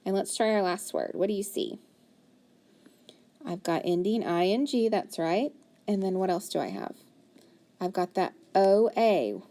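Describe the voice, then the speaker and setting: Woman teacher, slow and deliberate, breaks words into sounds for young readers. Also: medium pitch, expressive, mellow. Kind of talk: phonics lesson, decoding words aloud.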